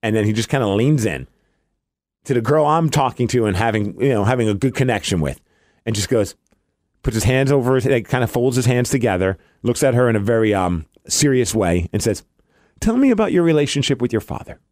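Speaking briskly in a mid-range voice, this male podcast co-host is captured in a dry, studio-quality recording. During casual conversation he tells stories with animation, performing the voices of those he quotes.

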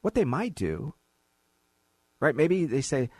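A man's voice: a little high, slow, pauses often, breathy edge, no room sound. A middle-aged man hosting a financial advice show, telling client stories and mocking bureaucrats in quoted asides. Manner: animated storyteller, mocking voices in quoted asides. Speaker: financial radio host. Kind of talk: conversational radio advice talk.

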